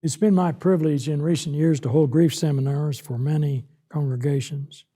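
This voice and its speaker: A man's voice: a little high, fairly even intonation, normal speed, mellow. A man preaching a Bible lesson, acting out the scripture in the first person as he explains it. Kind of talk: sermon-style Bible lesson.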